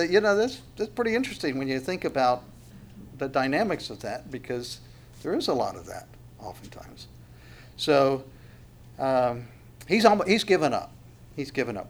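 A man's voice: mid-range voice, very animated, moderate pace, long pauses. A male pastor preaching a sermon in a conversational way, repeating words and adding chuckling asides.

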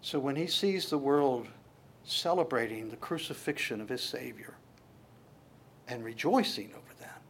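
A man preaching a sermon, animated and repetitive, stumbling through restarts and acting out voices from the text before closing in prayer. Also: mid-range voice, normal speed, gravelly, slight background noise. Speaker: pastor.

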